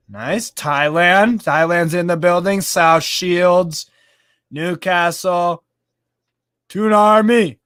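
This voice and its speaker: A man with a somewhat high voice hosts a casual live stream, chatting excitably as he reads out viewer comments. He swears casually and laughs often. The sound is dry, with no room echo. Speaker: live stream host reading fan chat.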